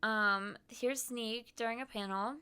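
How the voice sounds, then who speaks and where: A woman's voice: fairly high pitch, fairly even intonation, measured pace, pushed and bright, clean tone. A woman streamer chatting casually about her trip while showing photos, bubbly and giggly with lots of "um" and "like".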